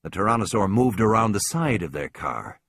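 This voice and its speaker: A man's voice: lowish voice, big pitch swings, moderate pace, a bit bright. A man narrating a suspenseful story as an audiobook reader, with tense, dramatic delivery.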